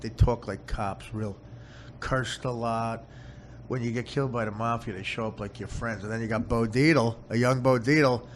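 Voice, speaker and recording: A man's voice: mid-range voice, fairly even intonation, moderate pace, slight background noise. A man hosting a podcast, chatting casually with rambling, laughing asides. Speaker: podcast host.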